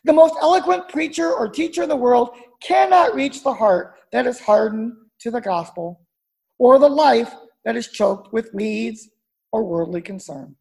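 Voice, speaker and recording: A woman pastor with a gravelly voice preaches a sermon, telling stories at a measured pace. She drops low and soft to make a point.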